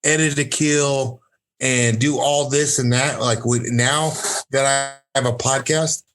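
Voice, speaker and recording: A brash man rambling through a casual podcast chat. His voice sits at an ordinary middle pitch, and he swears freely while piling up fillers. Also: steady tone, takes it slowly, fairly bright tone. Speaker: podcast guest, fight coach.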